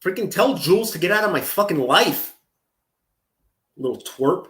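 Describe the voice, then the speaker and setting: Man, reaction host, crude mocking commentary, highish voice, echoey room. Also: animated, moderate pace, a bit bright. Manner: crude, mocking, scattered asides. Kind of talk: profane comedic reaction commentary.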